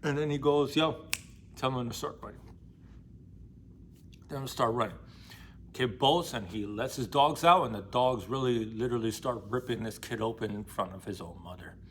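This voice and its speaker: A man's voice: mid-range voice, fairly quick, fairly bright tone, a little hiss or hum. Young man, casual book vlogger, street-slang delivery, blunt and emphatic, swears freely. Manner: slangy, profane, emphatic storytelling. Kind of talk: casual retelling and commentary.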